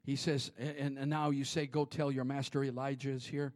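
A man preaching a sermon in a church, dropping to whispers and rising to shouts. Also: mid-range voice, moderate pace, hardly any pauses. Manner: animated preaching, swings from hushed whispers to shouts. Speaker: pastor. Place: church sanctuary.

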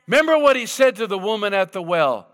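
A man preaching a sermon, reading scripture slowly and dramatically and calling out for amens from the congregation. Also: high-pitched, big pitch swings, a bit bright. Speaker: pastor.

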